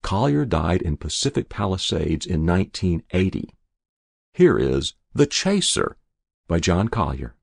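A man narrating a short story in a measured, even storytelling manner, after a short introduction of its author. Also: low voice, gravelly, slightly rough, dry recording, studio quality. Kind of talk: scripted short story reading.

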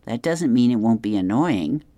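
A reader going through an advice column and the comics aloud, chuckling often in an unhurried way. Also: mid-range voice, lively intonation, mellow, dry recording.

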